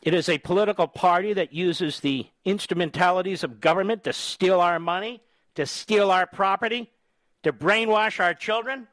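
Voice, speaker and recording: A man's voice: high-pitched, moderate pace, fairly bright tone, dry recording. A man in his sixties from the United States, a radio host delivering a combative, scornful political monologue with emphatic repetition. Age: 60s.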